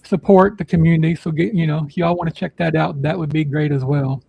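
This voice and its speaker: A man's voice: on the high side, fairly even intonation, a little fast, vocal fry, breathy edge, no room sound, lo-fi sound. A man hosting a live podcast, giving rambling announcements full of fillers in a casual chat style. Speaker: podcast host.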